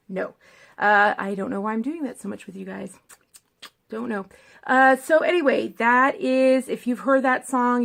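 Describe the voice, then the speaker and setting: Gravelly, high-pitched rambling woman vlogger. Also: fairly bright tone. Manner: rambling, filler-heavy, digressive. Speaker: film vlogger. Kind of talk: casual to-camera chat.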